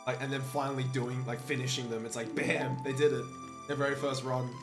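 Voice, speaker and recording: A man's voice: mid-range voice, little pitch movement, fairly quick. A young man streaming a speedrun, chatting casually and upbeat with his viewers between bursts of laughter. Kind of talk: casual chat with viewers while playing. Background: game music.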